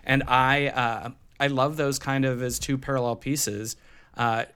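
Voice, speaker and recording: A man co-hosts a podcast with a bright, forward voice at average pitch. He drops wry, dry quips and laughs along. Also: steady tone, a little slow, clear, resonant tone. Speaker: podcast co-host. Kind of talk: casual chat.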